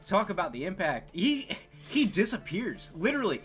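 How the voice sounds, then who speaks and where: A man co-hosting a casual gaming podcast, animated, laughing often, his volume swinging from loud bursts to mumbled trailing words. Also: sits high, moderate pace, faint music behind. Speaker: podcast co-host. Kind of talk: casual chat.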